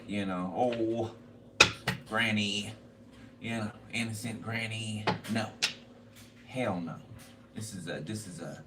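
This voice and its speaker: A man doing a casual tarot card reading, blunt and profane and repeating himself a lot. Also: on the low side. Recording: noisy, distant mic.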